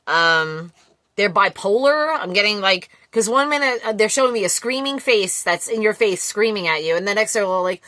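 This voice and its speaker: Blunt, bright-voiced woman reading tarot. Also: medium pitch, animated, normal speed, dry recording. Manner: blunt, swears freely, laughs often. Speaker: tarot reader. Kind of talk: casual collective tarot reading.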